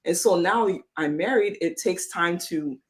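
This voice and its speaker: Reflective, halting woman. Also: fairly low pitch. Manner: reflective, halting, restarts sentences. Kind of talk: casual faith-based podcast chat.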